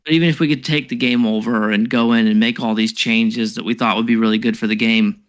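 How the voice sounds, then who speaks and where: A man's voice: mid-range voice, steady tone, fast talker. A man co-hosting a casual podcast chat, thinking aloud and hedging with many fillers. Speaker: podcast co-host. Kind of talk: casual discussion.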